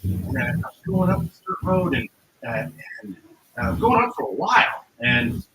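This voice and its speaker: A man's voice: high voice, big pitch swings, measured pace. A man, a musician guest, telling a story casually in a rambling way, with many fillers and acted-out quotes. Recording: roomy, noisy recording.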